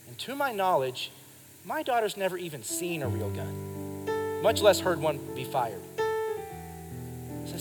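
A pastor in his thirties speaks slowly with a high-pitched voice and big swings in pitch, pausing often as he emphatically preaches and calls on the congregation to respond. The live church service was captured in a reverberant hall with music behind.

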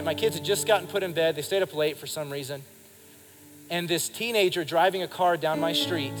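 A man in his thirties, a pastor preaching a sermon to his congregation with emphatic delivery and calls for the crowd to respond. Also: high-pitched. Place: church service before a congregation. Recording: live in a reverberant hall with music behind. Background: music.

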